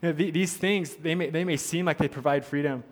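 A man's voice: a little high, fairly even intonation, a little fast. Earnest preacher man, hall reverb. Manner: earnest, repeats points for emphasis. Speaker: pastor. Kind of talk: sermon.

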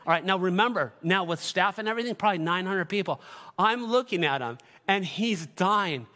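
Middle-aged guy preaching, high bright voice, lots of laughing stories, big echoey church. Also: brisk. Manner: animated storytelling with laughter, rising to shouted exhortation. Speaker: pastor. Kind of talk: sermon.

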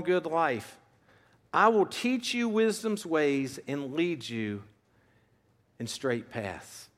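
A man's voice: a little high, a bit bright, in a large hall. Earnest man in his fifties preaching. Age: 50s. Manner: earnest, conversational storytelling with shifting emphasis. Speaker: pastor. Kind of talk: sermon.

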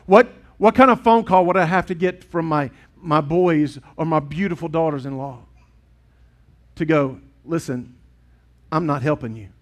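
A middle-aged man preaching a sermon in a church, earnest and swinging from loud to hushed. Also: fairly high pitch, moderate pace. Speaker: pastor. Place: church sanctuary with congregation.

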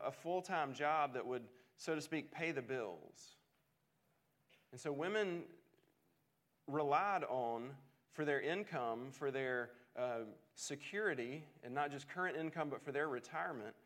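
Earnest male preacher, slightly high voice. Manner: earnest, repeats words as he restarts. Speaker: pastor. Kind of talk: sermon.

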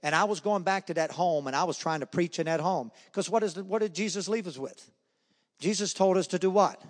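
A man with a slightly high voice tells his faith testimony in a lively storytelling manner, acting out the voices of the people in his stories. His voice rings out with a long hall reverb, as though he is speaking in a large meeting room. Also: fairly quick.

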